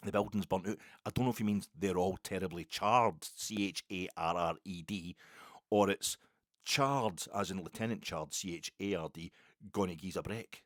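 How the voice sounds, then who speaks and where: A middle-aged Scottish man hosting a football podcast, rambling and animated in a casual solo monologue. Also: sits low, moderate pace, dry recording, clean studio sound. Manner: rambling, animated, self-interrupting.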